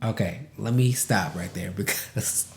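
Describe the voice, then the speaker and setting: A man's voice: on the low side, measured pace, gravelly, reverberant, a little hiss or hum. A man hosting a podcast, speaking from the heart, casual and emotional, near tears and laughing through it, repeating words for emphasis. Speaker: podcast host.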